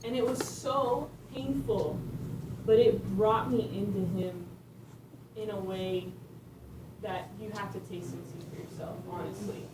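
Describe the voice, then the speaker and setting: A woman's voice: mid-range voice, fairly even intonation, unhurried. A woman speaker telling a faith testimony at a conference, earnest and storytelling, laughing between lines. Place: conference room. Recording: echoey room, distant mic, background noise.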